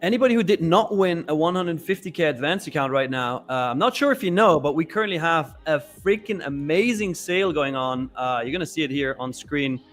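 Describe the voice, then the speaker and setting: A man co-hosting a live trading show, chatting casually in an upbeat, joking way and pitching a sale. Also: animated, fairly quick, few pauses, a bit bright, soft background music. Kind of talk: casual chat.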